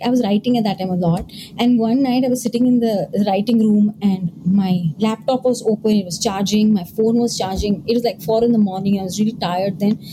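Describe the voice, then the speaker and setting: A woman from India chatting casually, telling a personal ghost story with quick asides and acted-out quotes. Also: mid-range voice. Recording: steady background noise.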